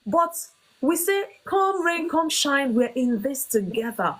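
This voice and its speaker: A woman's voice: sits high, big pitch swings, a little slow, background noise. Earnest woman host of a faith talk. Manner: earnest, emphatic preaching tone. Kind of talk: faith-based talk on marriage.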